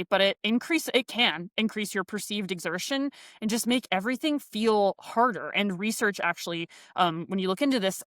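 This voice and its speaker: A woman's voice: medium pitch, fairly bright tone, no echo, clean studio sound. A young woman co-hosting a coaching podcast, talking casually and playfully with lots of fillers. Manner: chatty, many "like" fillers, playful. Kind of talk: casual chat.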